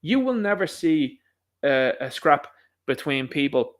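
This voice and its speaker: A young Irish man hosting a solo podcast, talking in a rambling, emphatic way with quick asides. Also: fairly high pitch, very animated. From Ireland. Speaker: podcast host. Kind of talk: solo commentary monologue.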